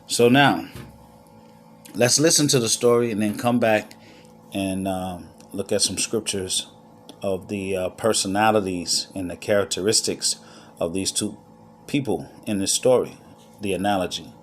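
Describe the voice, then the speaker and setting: A man giving a scripture lesson as teacher, unhurried with pauses, checking in often with "all right?" and "okay?". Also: lowish voice, slight background noise. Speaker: Bible teacher.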